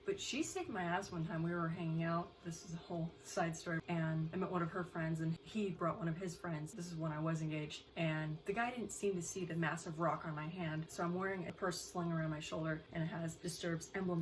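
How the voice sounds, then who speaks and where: A woman's voice: fairly low pitch, steady tone, a little fast, hardly any pauses. A young woman hosting a casual beauty vlog, chatty and profane, wandering off on long tangents. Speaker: beauty vlogger host. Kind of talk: casual chat. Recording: mic a bit far off, faint noise.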